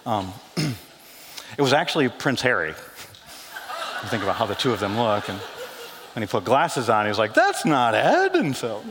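A man preaching a sermon as pastor, animated and joking, dropping his voice low for quoted lines. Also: normal speed, pauses often, noisy background. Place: church sanctuary. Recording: long hall reverb.

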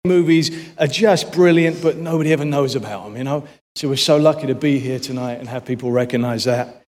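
A British man giving an award acceptance speech, halting and full of "uh" fillers, recorded in a large awards hall. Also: mid-range voice, a little mellow. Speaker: award winner. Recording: reverberant hall with crowd.

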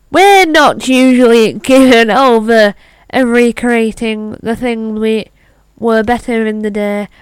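Woman from Britain, vlogger, slow chatty reading, smooth clear voice, dry close sound. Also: on the high side, dry recording. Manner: chatty, reads aloud with stumbles and asides. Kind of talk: casual chat reading an article aloud.

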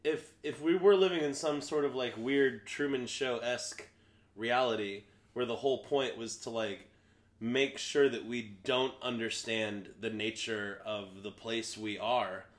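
A man's voice: mid-range voice, unhurried. A man in a casual podcast chat, musing in a dry, tongue-in-cheek way.

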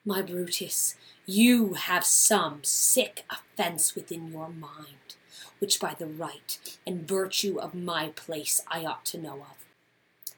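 A woman's voice: a little high, expressive, normal speed, a bit bright, husky. A woman playing an indignant Portia. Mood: pleading. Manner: indignant, speaks of herself from the afterlife. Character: Portia, proud Roman noblewoman, sharp-tongued wife of Brutus.

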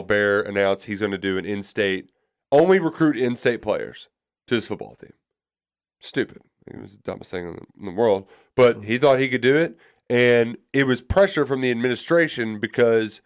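Guy on sports radio, smooth clear voice, rambles and restarts a lot. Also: medium pitch. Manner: rambling storyteller with many restarts. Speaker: radio show co-host. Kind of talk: casual sports radio chat.

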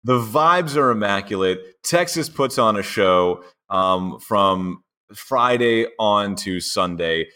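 Deep, bright-voiced male podcast co-host. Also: expressive, slow, hardly any pauses. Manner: playful, cheeky. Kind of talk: casual podcast banter.

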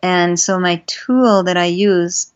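A woman, a guest on a podcast, telling stories in an earnest, gentle way and getting animated as she goes, on a dull lo-fi recording. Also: lowish voice, slow pace. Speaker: guest, animal rights advocate. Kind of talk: conversational podcast storytelling. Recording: dull lo-fi sound.

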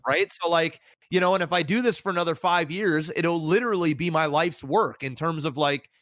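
A man's voice: fairly quick, dry recording, studio quality. A man in his thirties, a podcast co-host and streamer, talking candidly and reflectively in casual chat. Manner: candid, reflective, animated rises in pitch.

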